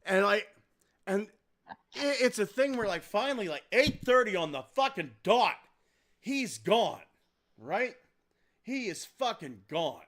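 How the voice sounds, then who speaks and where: A man tells a story on a podcast, talking casually and rambling. He swears freely and stays animated throughout. His voice sits high and sounds bright. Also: a little slow, long pauses. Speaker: podcast host.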